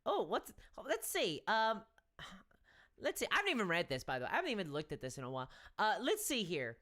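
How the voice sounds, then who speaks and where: A woman's voice: mid-range voice, huge pitch swings, brisk, fairly bright tone. An Irish woman hosting a casual live stream, chatty and wry, with frequent restarts. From Ireland. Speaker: miniatures channel host.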